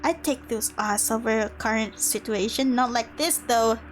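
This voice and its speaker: A woman reading game lines in a lowered, blunt voice as a grim, bitter young male captain. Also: normal speed, a little hiss or hum, close to an everyday voice. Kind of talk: reading game dialogue aloud.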